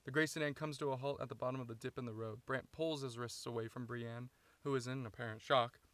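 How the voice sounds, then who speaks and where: A man reading his own screenplay aloud, steady and matter-of-fact, inside a parked car. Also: medium pitch, fast talker, dry recording. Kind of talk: script read-through narration.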